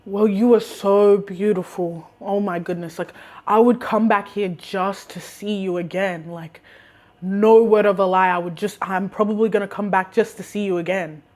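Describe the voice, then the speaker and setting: A woman putting on the voice of a flirtatious man over seventy, slow and syrupy, as she retells a story. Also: medium pitch, fairly even intonation, a little mellow, voice pushed down, natural voice. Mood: smitten.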